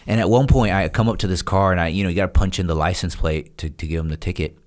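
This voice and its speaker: Man, very low voice, relaxed storytelling, lots of "like", chuckles between lines. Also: fast. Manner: laid-back, chuckling, frequent "like" fillers. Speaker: podcast guest. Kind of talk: casual storytelling.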